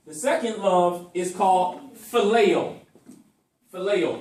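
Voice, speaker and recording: A man teaching a group about love, speaking emphatically and deliberately varying his voice for effect. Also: high voice, darkish tone, recorded from a distance. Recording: echoey room, speaker away from mic.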